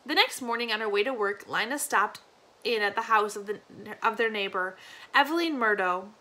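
A woman teacher reading a novel aloud to her class, steady, with small slips and restarts. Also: medium pitch, normal speed.

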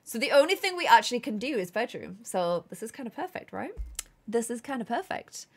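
A woman's voice: a little high, very animated, fairly quick. A woman from England, chatting casually with viewers on a live gameplay stream and reading chat aloud.

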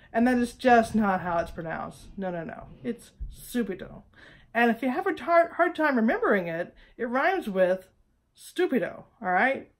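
A woman, hosting a weekly music lesson and talking playfully and emphatically, often checking in with "all right?". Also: mid-range voice. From United States. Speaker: host of a weekly music tips show. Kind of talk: casual direct-to-camera teaching.

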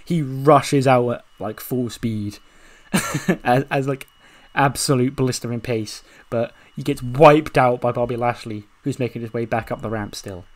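Dude excitedly narrating his wrestling game run, swears a lot, keeps laughing, normal pitch. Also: a little slow. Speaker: video game commentator.

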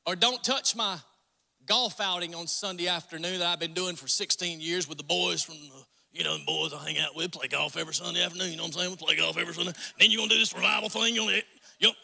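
A pastor with a north Georgia Southern accent preaching a folksy, joking sermon in a church sanctuary. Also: male voice, fairly high pitch, fairly even intonation, fast, vocal fry, pushed and bright. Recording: long reverb in a church hall.

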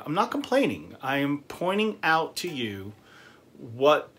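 A man's voice: fairly high pitch, very animated, moderate pace, a bit bright. A man giving a casual, chatty guitar review, with frequent fillers and easy laughs.

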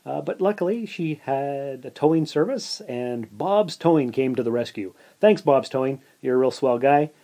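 A man's voice: mid-range voice, animated, moderate pace, few pauses, dark tone. A man hosting his own podcast, casually telling a rambling story full of asides and filler words. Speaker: podcast host.

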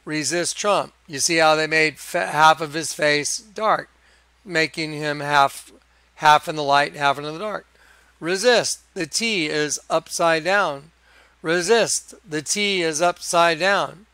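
Male video preacher, crisp clear tone, excitable rambling monologue, dry close recording. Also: on the high side, unhurried, no echo. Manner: excitable, emphatic, chuckling. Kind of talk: rambling religious monologue over images.

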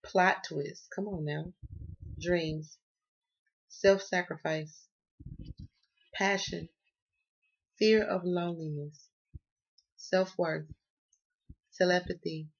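A woman's voice: lowish voice, fairly even intonation, slow pace, long pauses, husky. A woman with a Southern US accent, reading tarot in a casual, slangy, playful way and cussing freely. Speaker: tarot reader. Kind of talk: casual chat. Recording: dull lo-fi sound.

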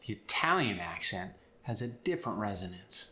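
A man teaching accents and explaining sounds step by step in an upbeat, clear way. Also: medium pitch, expressive, unhurried, sharp tone, echoey room. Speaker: accent coach. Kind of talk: instructional video.

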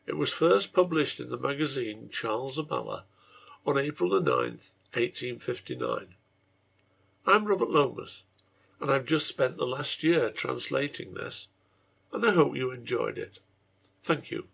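A man reading his own translation of a serial story aloud, in a measured storytelling manner, with a gravelly, husky voice. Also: mid-range voice, animated, a bit bright. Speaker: reader and translator.

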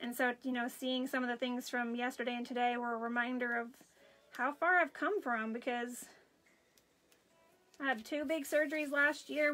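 A chatty woman hosts a craft live stream, talking casually as she works and greeting viewers by name. Her voice sits high, with a bright, clear edge. She tells her stories in an animated, friendly way. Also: low-quality recording. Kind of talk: casual chat while crafting.

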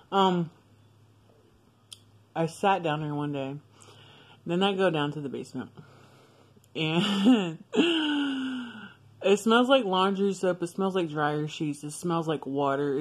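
A young woman talks straight to her viewers in a casual storytime vlog, blunt and full of swearing. Her voice sits a little low, and she breaks into laughter often as she goes. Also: expressive, slow pace, long pauses, husky. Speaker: vlogger.

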